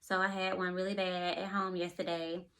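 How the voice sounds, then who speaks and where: A woman telling a personal story in a casual vlog. She is out of breath, animated, and keeps acting out the conversations she is retelling. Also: on the low side, moderate pace. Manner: breathless and animated, often retelling scenes in quotes. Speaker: vlogger and expecting mother.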